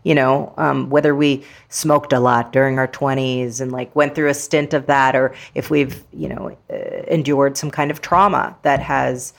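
Low-voiced, chatty woman. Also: little pitch movement, moderate pace, creaky, few pauses. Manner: chatty and playful, with many fillers. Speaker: guest, actress and author. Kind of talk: casual interview conversation.

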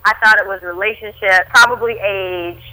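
A woman actress chatting playfully as a guest in a radio interview, with lively jumps in pitch. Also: normal speed, rough recording.

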